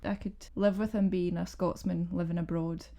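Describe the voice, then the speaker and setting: A woman, a scientist co-hosting a film review podcast, talking in a casual, wry and lively way. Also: on the low side, moderate pace, a little hiss or hum. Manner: animated, wry, swears for effect.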